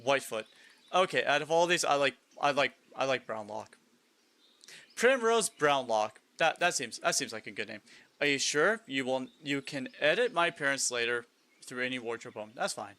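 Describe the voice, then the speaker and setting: A man's voice: medium pitch, lively intonation, moderate pace, sharp tone. A man live-streaming a game in casual chat, reading lists aloud, musing, and chuckling often.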